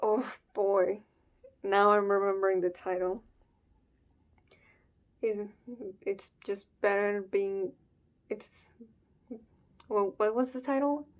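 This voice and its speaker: A woman hosting a comic reaction video, reading panels aloud and reacting in a hesitant, casual way with soft sighs. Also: mid-range voice, steady tone, slow pace, pauses often, muffled recording.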